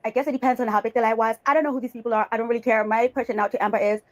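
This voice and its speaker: A woman from Bali talks fast as she hosts a reaction commentary. She scolds and mocks, drops a sarcastic "honey" now and then, and her voice sits a little high. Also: fairly even intonation. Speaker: commentary host reacting to clips.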